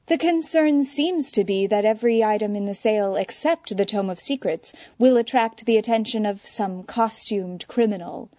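A woman's voice: medium pitch, normal speed, few pauses, darkish tone, no room sound, lightly acted. A woman voicing a magician woman who speaks with saccharine, mocking sweetness.

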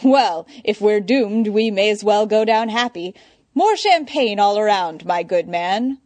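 A woman's voice: medium pitch, animated, a little slow, a little mellow, dry recording, lightly acted. A woman doing a drawling foppish rich man. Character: lazy foppish rich gentleman, Bruce.

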